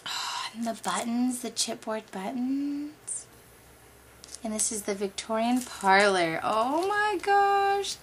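A young woman vlogger gushing quickly through a craft-supply unboxing, giddy and talkative after extra coffee. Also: fairly high pitch, a little hiss or hum. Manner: gushing, fast, over-caffeinated. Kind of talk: excited unboxing chat.

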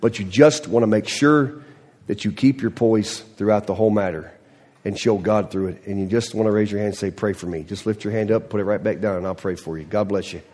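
A middle-aged man, a pastor, telling a story in a sermon with animated delivery, acting out voices, then easing into a soft, quiet prayer. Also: on the low side, brisk. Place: church sanctuary. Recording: long church reverb.

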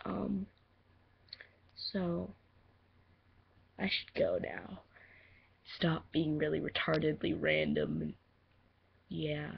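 Giggly rambly teen girl intro-ing her audition, gravelly voice, lo-fi mic. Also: low-pitched, very animated, takes it slowly, pauses often. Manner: rambling, giggly, self-deprecating. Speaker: voice acting auditioner. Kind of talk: casual audition vlog. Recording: muffled lo-fi home mic.

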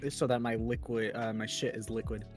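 A man's voice: mid-range voice, little pitch movement, fairly quick, soft background music. A man chatting on voice chat, rambling and jokey with crude humor. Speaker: friend on voice chat. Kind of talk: casual chat.

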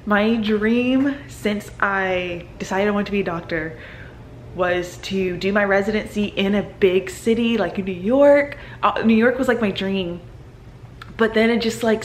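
A young woman in her twenties, a medical student, talking casually to camera with lots of fillers and excited exclamations. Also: medium pitch, a little hiss or hum. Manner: excited and emotional, many fillers like "like" and "oh my God".

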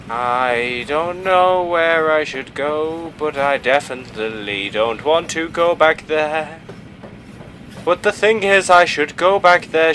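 A man's voice: fairly high pitch, a bit bright, a little hiss or hum. Scared young man swearing through a game. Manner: jumpy, swearing, rambling and sing-song. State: frightened. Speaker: gaming video host. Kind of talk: let's play commentary.

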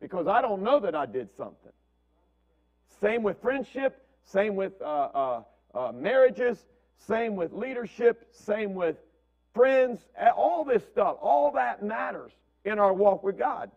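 A man's voice: sits high, very animated, a little slow, creaky, a little mellow, muffled recording. A man preaching a conversational sermon as pastor, repeating words and checking in with "right?". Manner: asks "right?" constantly, repeats words, acts out family quotes.

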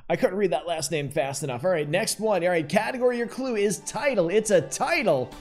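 A man's voice: high voice, animated, a little fast, soft background music. A man hosting a live-streamed trivia game show, chatty and upbeat, talking straight to the players in the chat.

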